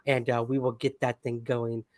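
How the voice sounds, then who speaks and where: A man hosting a livestream wrap-up, chatting in an upbeat and casual way with plenty of "um"s. His voice sits at an ordinary middle pitch and sounds dry and close, with no room echo. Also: flat delivery, normal speed, a little mellow. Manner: upbeat, chatty, many fillers. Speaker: podcast host.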